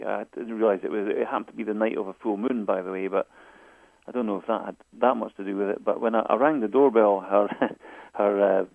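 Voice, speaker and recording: This Scottish man, a guest author, tells stories over a phone interview, hesitating and often repeating or restarting his words. His voice is lowish with vocal fry and no echo. The phone recording sounds tinny.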